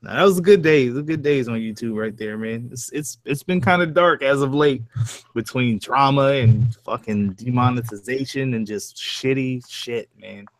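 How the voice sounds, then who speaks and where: A young man jokes with a friend in loose, profane slang, often trailing off mid-thought. His pitch sits mid-range for a man, and the recording is dry and close. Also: normal speed, no room sound. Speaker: fellow horror story narrator. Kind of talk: casual chat.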